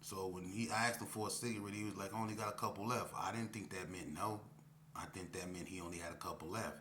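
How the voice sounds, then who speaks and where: Man storyteller, low-pitched, bright and forceful tone, slangy and candid, with faint hum behind. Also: steady tone, quick pace. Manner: slangy and candid, repeats himself, acts out dialogue. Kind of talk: casual spoken storytelling.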